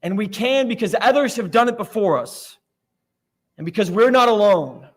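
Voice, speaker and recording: A man's voice: high voice, lively intonation, normal speed. A man from Florida preaching a sermon in a church, telling stories in a conversational, self-deprecating way. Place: church sanctuary.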